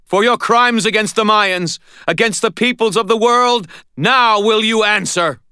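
A woman's voice: a little slow, bright, forceful tone, clear, resonant tone, no echo, studio quality. A man doing a possessed warrior woman declaiming. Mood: thundering. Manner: booming, declamatory.

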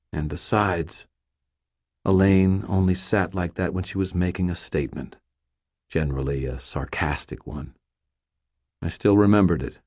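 A man narrating an audiobook in a measured, restrained, somber way. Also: deep voice, dry recording.

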